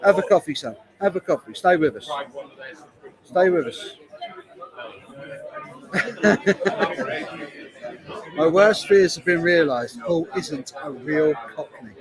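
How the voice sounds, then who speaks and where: A man with a London accent chats on a live stream, reading out chat messages and repeating his own lines as he goes. His voice sits slightly high for a man. Loud bar chatter fills the background. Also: expressive, slow, long pauses, low-quality recording. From Hertfordshire, England. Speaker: beer vlogger streaming live. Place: busy bar taproom. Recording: loud bar crowd behind voice. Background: crowd chatter in a bar.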